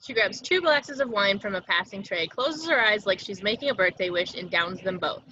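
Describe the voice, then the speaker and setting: A woman reading stage directions in a plain, even way over a video call. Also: mid-range voice, normal speed, lo-fi sound, a little hiss or hum.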